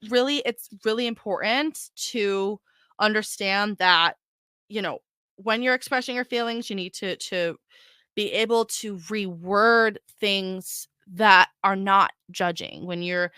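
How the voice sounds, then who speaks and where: A woman's voice: medium pitch, bright, forceful tone, clean tone, dry recording, clean studio sound. A young adult woman hosting a podcast, talking casually to her listeners with frequent restarts and filler words. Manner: chatty, stumbling restarts, addresses listeners as guys. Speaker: podcast host. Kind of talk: casual solo podcast talk.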